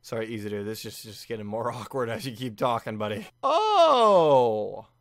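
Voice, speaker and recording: Excitable young man reacting to anime. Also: mid-range voice, no echo, clean studio sound. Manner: excited, laughing, mimics characters in quick asides. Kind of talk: casual reaction commentary.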